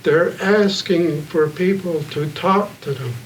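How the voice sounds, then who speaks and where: A man telling stories at a community panel evening, earnest and plain-spoken, pausing often. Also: high voice. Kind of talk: heartfelt public storytelling. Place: gathering room with an audience. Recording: distant mic, faint room noise.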